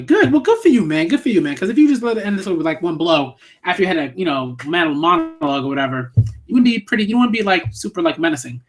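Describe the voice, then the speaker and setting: A man's voice: sits high, sing-song, fast talker. A man giving casual, rambling live-stream commentary while reading a manga, full of fillers and swearing. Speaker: manga reviewer streaming a read-through.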